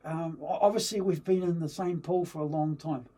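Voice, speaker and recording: Husky New man telling anecdotes. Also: a little high, fairly even intonation, moderate pace, dark tone. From New Zealand. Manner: rambling anecdotes with many fillers and restarts. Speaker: actor and film-maker guest. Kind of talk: casual interview chat, storytelling.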